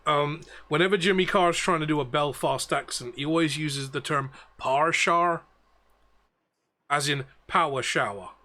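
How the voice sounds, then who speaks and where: A man's voice: a little high, normal speed, hardly any pauses, bright, forceful tone. A man talking as game master, chatting casually out of game and explaining things in a rambling way.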